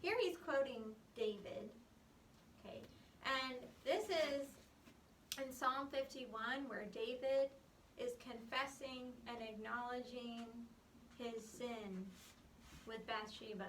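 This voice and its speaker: A woman leads a Bible class at an unhurried pace, explaining and stressing points with "um" and "okay". Her voice sits high and sounds crisp. She is picked up from across an echoey room, with faint room noise behind her. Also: a bit bright. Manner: emphatic and explanatory, with frequent "um" and "okay". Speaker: Bible study teacher. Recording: echoey room recorded from far off.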